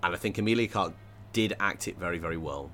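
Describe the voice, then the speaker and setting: A man with a very deep voice and a bright, forceful edge, talking things over in a relaxed discussion. He thinks aloud, pausing and restarting often. A faint hum sits behind him. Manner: thoughtful, hesitant, many restarts and fillers. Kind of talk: casual discussion.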